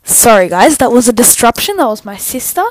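A podcast host with a cough keeps the chat casual but apologetic, repeatedly excusing herself for interruptions. Her voice is a little high and a little fast, with lively intonation and no echo.

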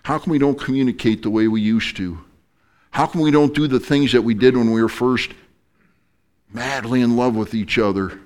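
A man's voice: mid-range voice, moderate pace, a little mellow, lightly acted. A male preacher voicing an older preacher husband who answers his wife in a dry, matter-of-fact way. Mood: deadpan.

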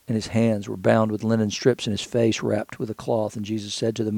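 A man's voice: fairly low pitch, flat delivery, moderate pace, gravelly, few pauses, warm tone, no room sound. A man teaching scripture in a conversational way, thinking aloud with frequent restarts and repeated words.

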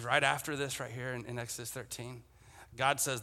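Male preacher, storytelling sermon, tense bright tone, echoing church hall. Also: medium pitch, little pitch movement, fairly quick. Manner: storytelling with acted-out voices, many restarts. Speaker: pastor. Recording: long reverb of a church hall.

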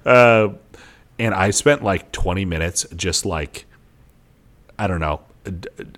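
This is a young man with a very low voice, talking casually on a podcast. He rambles a little and laughs a lot, and gets lively as his stories build. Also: slow pace. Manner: rambling, laughs often, animated when telling stories. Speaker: podcast co-host. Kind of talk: casual chat.

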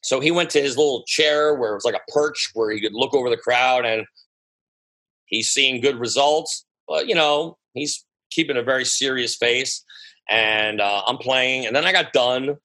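American man, guest DJ, New sound, bright voice, animated storyteller who swears freely, casual interview telling. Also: medium pitch, normal speed, low-quality recording. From United States. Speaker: guest DJ and producer.

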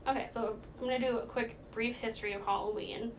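Young woman podcast cohost, chatty and giggly, slightly high voice, rambling casual storytelling, faint hiss underneath. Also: steady tone, fast. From Minnesota. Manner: giggly, rambling, lots of fillers. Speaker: podcast co-host.

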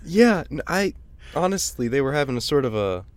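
Deadpan joking man, lively pitch. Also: normal speed, dry recording. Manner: dry, deadpan jokes. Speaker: podcast co-host. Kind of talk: casual comedic movie chat.

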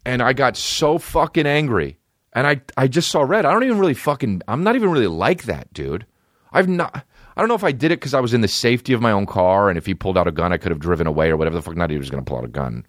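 A man's voice: mid-range voice, sing-song, fast talker, dry recording, clean studio sound. A man in his thirties hosting a podcast, telling rambling, profane, self-deprecating stories in a casual comedic way. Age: 30s. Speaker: podcast host.

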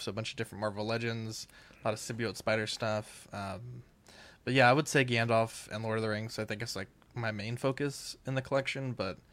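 A man answering questions as a podcast guest in a relaxed, easygoing way with dry humor. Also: medium pitch. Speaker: podcast guest and network co-creator. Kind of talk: casual podcast chat.

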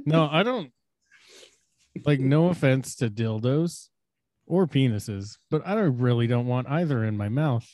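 A man's voice: mid-range voice, expressive, takes it slowly, pauses often, a little mellow, no room sound, clean studio sound. A man co-hosting a podcast, cracking crude jokes and laughing often. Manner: wisecracking, laughs a lot. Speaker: podcast co-host. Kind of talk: crude casual chat.

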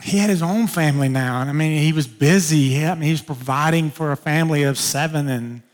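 A man preaching from the pulpit, weaving a personal story into his sermon. He plays out dialogue, jumping sharply up in pitch for his own protests and sinking to a hushed, low tone for quieter lines. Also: a little fast, long reverb tail. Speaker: pastor.

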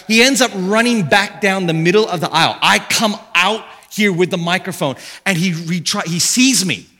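Bright-voiced pastor in a reverberant church. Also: male voice. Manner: animated storytelling, jumps to high shouts for quoted voices. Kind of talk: sermon. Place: church stage.

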